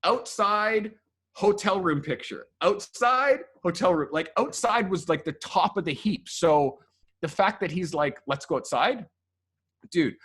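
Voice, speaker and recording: Male guest, slightly high-pitched, animated casual storyteller who swears freely. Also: measured pace, husky. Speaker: photographer guest. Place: podcast studio.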